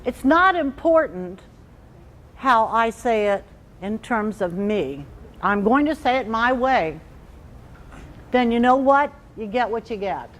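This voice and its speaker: Animated woman leading a training session. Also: fairly high pitch, takes it slowly, pauses often, low-quality recording. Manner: animated, acts out little quoted inner voices. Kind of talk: training workshop talk.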